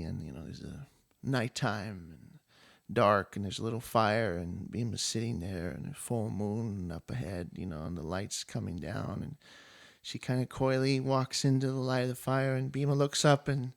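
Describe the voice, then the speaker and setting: A man in a middle pitch retells an old epic in a loose, conversational way. He chuckles often and leans on small fillers as he goes, relaxed rather than performed. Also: creaky. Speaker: storyteller. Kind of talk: casual spoken retelling of an epic.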